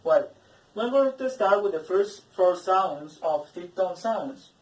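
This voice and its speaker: Brief: Spanish-speaking Colombian woman as pronunciation teacher, very slow and measured, slightly low voice, recorded far from the mic in an echoey room. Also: lively intonation, darkish tone. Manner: drills word lists, stressing each example word. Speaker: English phonetics teacher. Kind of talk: pronunciation lesson.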